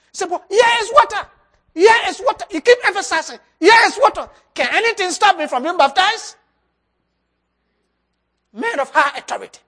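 A preacher giving a sermon and altar call, swinging between loud emphasis and soft drops, with loose grammar. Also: sits high. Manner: loose, nonstandard English grammar.

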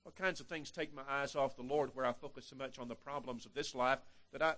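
An older male preacher giving a sermon, with emphatic delivery that swings between loud and hushed passages and frequent repeated words. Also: medium pitch, fairly quick, hardly any pauses.

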